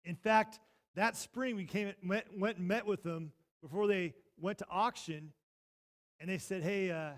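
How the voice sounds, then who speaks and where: A man preaching a sermon as pastor, telling a story in a lively way that jumps from loud bursts to hushed asides. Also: high-pitched, moderate pace. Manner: animated, swings from loud to hushed. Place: church sanctuary.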